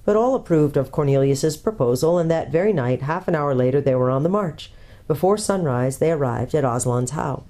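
A woman pastor reading a children's book aloud in a calm, steady storytelling manner. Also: low-pitched, fairly quick.

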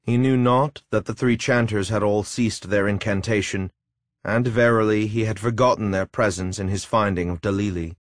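A man narrating a dark fantasy tale in a measured, solemn storytelling manner. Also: on the low side, fairly even intonation, dry recording, studio quality. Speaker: audiobook narrator. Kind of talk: scripted narration.

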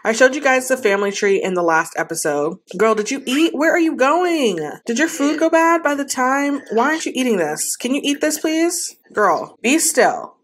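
A woman's voice: high voice, animated, moderate pace, hardly any pauses. A woman giving casual gameplay commentary, talking to her game characters in an exasperated, playful way. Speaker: gaming host.

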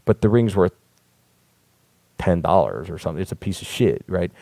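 Blunt low-voiced male talk show host. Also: animated, moderate pace, vocal fry, dark tone, no room sound. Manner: blunt, profane, rambling storyteller. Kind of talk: casual live-stream monologue.

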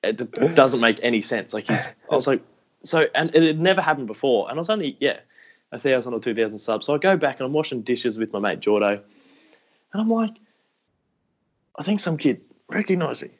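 A man's voice: mid-range voice, fast talker, lo-fi sound. A young Australian man telling stories in a casual podcast interview, rambling and self-deprecating, acting out what people said. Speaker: podcast guest, AFL YouTuber.

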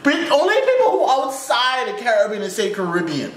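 A man with a Jamaican accent hosting a reaction video, ranting with exclamations and sudden jumps in pitch. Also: wildly swooping pitch, moderate pace, fairly bright tone, a little hiss or hum. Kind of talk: animated reaction commentary. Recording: echoey room.

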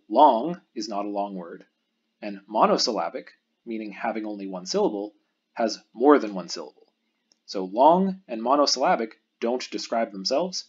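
Husky man giving a recorded math lecture. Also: mid-range voice, a little mellow, muffled recording. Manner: patient explanatory lecturing, pauses for the viewer to think.

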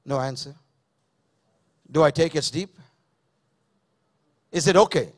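A man's voice: on the high side, takes it slowly. A man preaching a sermon to his church, repeating key phrases and asking the congregation questions. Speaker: pastor. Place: church service.

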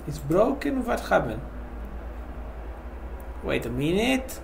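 A man with a gravelly, high voice and a mock Transylvanian vampire accent, playing a horror game. He speaks slowly in broken English, his pitch swooping as he yelps in panic. The recording is noisy and game sounds play underneath. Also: animated. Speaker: horror game let's-player as vampire host. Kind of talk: gaming commentary.

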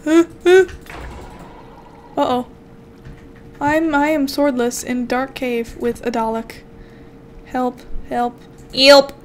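A woman's voice: high-pitched, fairly even intonation, takes it slowly, pauses often, darkish tone, slight background noise. A young woman chatting playfully to herself while commenting on her game as a channel host. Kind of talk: casual gameplay commentary.

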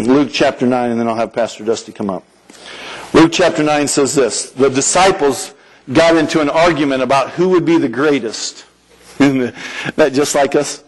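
A man preaching a sermon in a church, animated and lively, acting out prayers and dialogue as he goes. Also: medium pitch, moderate pace, slight background noise, rough recording. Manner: animated, acts out prayers and dialogue in quoted voices.

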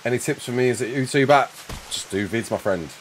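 A man in his thirties from England's Black Country, speaking with that regional accent, chats casually on a game livestream, reading out chat and thanking donors with self-mocking humour. His mid-range voice moves a little fast, with a slight hiss or hum in the background.

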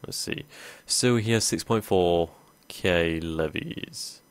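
A man with a low, deep voice commentates on a strategy game as he plays. He thinks aloud casually, pausing often with ums. The sound is dry and close, with no room around it. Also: clear, resonant tone, no room sound. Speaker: gaming video host. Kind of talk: let's play commentary.

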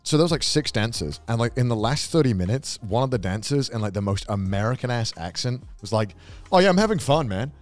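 A young man co-hosting a podcast, telling stories in casual, animated chat with swearing and laughs. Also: lowish voice, fairly quick, hardly any pauses, faint music behind. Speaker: podcast co-host.

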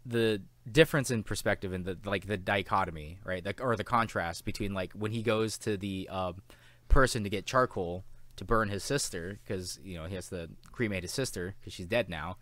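A man co-hosting a casual film review chat, animated and swearing often as he acts out lines from the film. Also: sits low, moderate pace, no echo. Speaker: podcast co-host.

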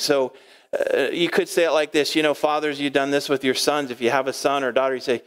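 A male pastor preaching a sermon in a lively way, acting out quoted speech and chuckling often. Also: medium pitch, brisk, smooth. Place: church sanctuary.

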